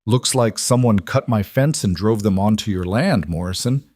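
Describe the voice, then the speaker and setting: A man playing a quiet, steady young rancher. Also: lowish voice, moderate pace, dry recording, studio quality, natural voice. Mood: tense.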